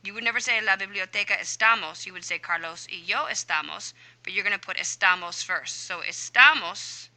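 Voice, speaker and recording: A woman Spanish teacher walks students through an answer key, narrating each step aloud in a chatty, self-talking way. Her voice is very bright and crisp, pitched in a middle range for a woman. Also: fairly even intonation, brisk, few pauses, rough recording. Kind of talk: explaining a homework answer key.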